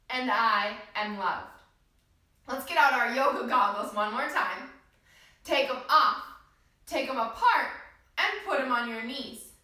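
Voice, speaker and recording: A woman teaching a children's yoga class, guiding gently and encouragingly with slow, soothing instructions. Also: high voice, distant mic. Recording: echoey room, voice from off-mic.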